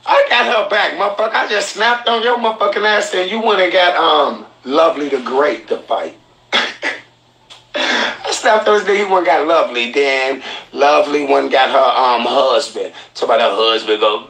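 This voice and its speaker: A man's voice: a little high, moderate pace, a bit bright, recorded from a distance. A man hosting a live stream, telling a story in a casual, profane way, mocking people and laughing at his own insults. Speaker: live-stream podcast host. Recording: roomy, off-mic, faint noise.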